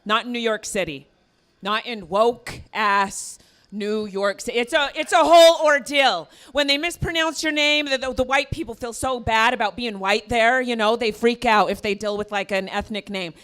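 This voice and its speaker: A woman's voice: on the high side, moderate pace, fairly bright tone. A woman from the American West doing a stand-up set on a comedy venue stage, with sarcastic, self-mocking punchlines. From American West (Arizona).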